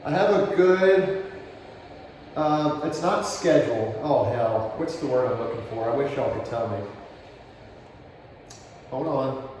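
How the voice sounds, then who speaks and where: A man working as a dog trainer, explaining his steps while he demonstrates, relaxed and praising the dog softly. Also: mid-range voice, a little slow, pauses often, slight background noise. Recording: distant, roomy outdoor camera audio.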